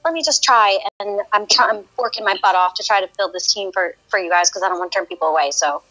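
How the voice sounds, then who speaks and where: A woman co-hosting a live game stream in casual chat, giggly and animated as she tells stories, a bit sleepy. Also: medium pitch, fast talker, low-quality recording.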